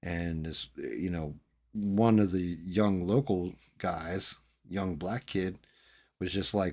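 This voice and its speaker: A man's voice: low-pitched, slow pace, darkish tone. A middle-aged man from New Jersey, chatting casually with viewers and telling rambling, profane stories. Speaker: streamer host chatting with viewers. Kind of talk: casual chat.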